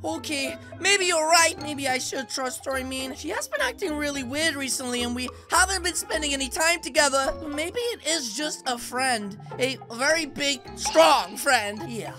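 A woman hosting a game roleplay video, talking dramatically and excitedly to her viewers. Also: high-pitched, moderate pace, few pauses. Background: background music.

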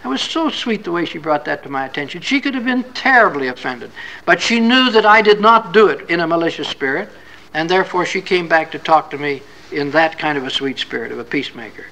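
A man's voice: fairly high pitch, animated, fairly quick, creaky, bright, forceful tone, low-quality recording. A man giving a classroom scripture lecture in an earnest, folksy, conversational way. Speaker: religious lecturer.

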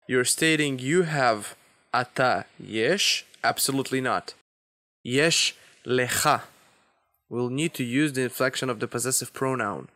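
A man giving a beginner language lesson, explaining grammar slowly and deliberately with example phrases. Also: mid-range voice, a bit bright, clean tone, dry recording, clean studio sound. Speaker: Hebrew teacher.

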